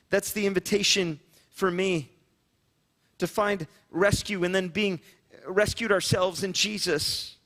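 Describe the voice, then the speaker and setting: Bright high-voiced man pastor preaching. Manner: earnest, repetitive pleading cadence. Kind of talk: sermon. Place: church sanctuary, also streamed online.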